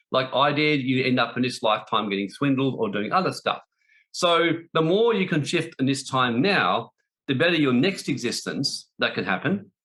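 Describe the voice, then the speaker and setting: A man delivers a spiritual talk in a bright, forceful voice. He is blunt and emphatic, doubling up phrases to drive each point home, with his pitch sitting in an ordinary middle range. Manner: blunt, emphatic, repeats for stress. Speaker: spiritual teacher.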